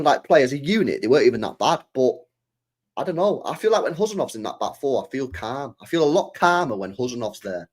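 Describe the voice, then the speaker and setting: A man's voice: medium pitch, sing-song, fast talker, darkish tone. A young man talking casually on a live stream as a football fan, passionate, swearing and repeating his points.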